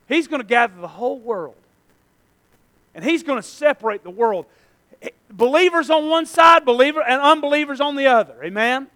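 Guy with a real high voice preaching, repeats himself a lot, gets fired up. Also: expressive, normal speed, pushed and bright. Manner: impassioned preaching, rising and falling in intensity; repeats phrases for emphasis. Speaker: pastor. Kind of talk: sermon.

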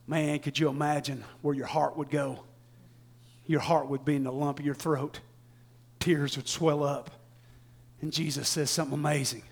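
A man preaching a sermon, folksy and laughing often, swinging from shouts to hushed tones and acting out quotes. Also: on the high side, steady tone, normal speed, creaky.

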